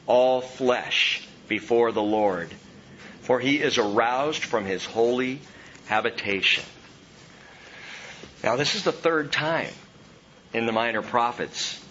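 A man preaching an expository sermon in an animated way, dropping to a hush and rising loud for emphasis. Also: mid-range voice, dull audio, slight background noise.

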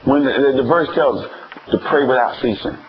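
A man's voice: mid-range voice, brisk, slight background noise. A man preaching a sermon as pastor, calling for answers from his congregation and acting out everyday family scenes to make his point. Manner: acts out homespun family scenes. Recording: slightly dull lo-fi church recording.

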